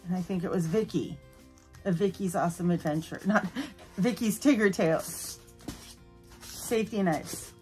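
A woman's voice: mid-range voice, a little mellow. A woman chatting casually through an unboxing, playful and giggly, now and then slipping into a spooky voice. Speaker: unboxing YouTuber.

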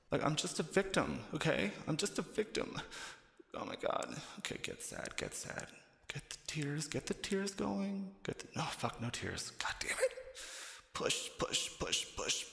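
A man's voice: fairly high pitch, vocal fry, fairly bright tone, heavily acted. A man voicing a scheming young woman on the witness stand who tries to fake tears, in a crude, swearing parody inner monologue. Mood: forcing tears. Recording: echoey room with long reverb.

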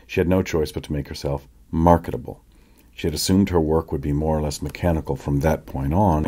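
A man narrates an audiobook in a measured, reflective first-person voice. His register is very low and dark. The tone carries a husky grain.

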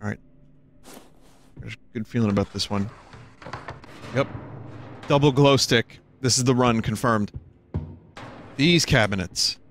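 A man's voice: mid-range voice, measured pace, pauses often, a bit bright, soft background music. A man streaming a horror game, giving casual commentary in a joking, self-mocking, rambling way. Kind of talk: casual let's-play commentary.

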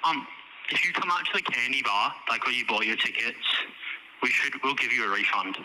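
A man's voice: mid-range voice, expressive, fairly quick, noisy background. A man working at a cinema who answers a phone call politely and hesitantly. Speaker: cinema worker taking a call.

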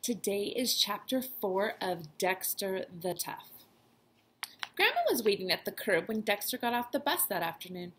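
A woman's voice: medium pitch, normal speed, slight background noise. A woman teacher reading a children's chapter book aloud to her class. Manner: expressive storytelling voice.

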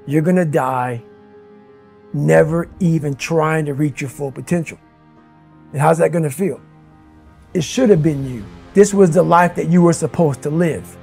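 A man delivers a blunt, intense motivational talk in a fairly high voice. He swings from low, brooding stretches to loud, fired-up bursts. Faint music plays underneath the clips. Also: normal speed, gravelly, long pauses, breathy edge. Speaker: motivational speaker. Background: motivational background music.

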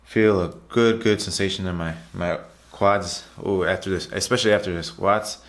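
Speaking at a moderate pace, the man has a low, steady, slightly bright voice. He's a fitness vlogger narrating his workout video vlog-style: casual, repetitive, talkative, and constantly turning to viewers with "guys."

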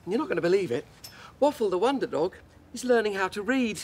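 A man's voice: sits high, expressive, quick pace, a little mellow, husky. An older man playing a grandfather who cheerfully coaches his dog through letter sounds. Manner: cheery, encouraging teacherly tone. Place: outdoors in a garden and indoors at home.

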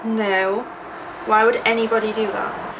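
Unhurried and flat in delivery, this young English woman of about twenty has a slightly high voice. She's a YouTuber fielding viewer questions in a casual vlog Q&A, in a chatty, sarcastic, self-deprecating way, recorded on a distant mic with background noise.

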